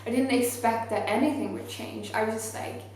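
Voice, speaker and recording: A young woman who is not a native English speaker, telling a story to camera in an earnest, animated way with lots of "like". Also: fairly high pitch, normal speed. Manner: earnest, animated, many fillers like "like". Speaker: vlogger. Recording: very echoey space with faint ambient noise.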